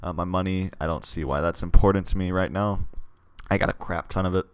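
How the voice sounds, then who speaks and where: A man with a low, steady, smooth voice plays through a text game in a casual let's play, reading its story aloud a little fast. Between passages he makes rambling, hesitant asides about his choices, and the recording has no echo.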